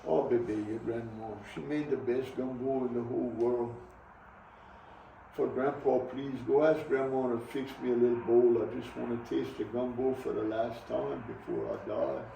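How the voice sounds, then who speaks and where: A man voicing a dying old grandpa who is stubborn and funny, gruff by turns, in a told story. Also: mid-range voice, normal speed, dark tone, reverberant, recorded from a distance, lo-fi sound, a little hiss or hum, lightly acted. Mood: tender. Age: over 60.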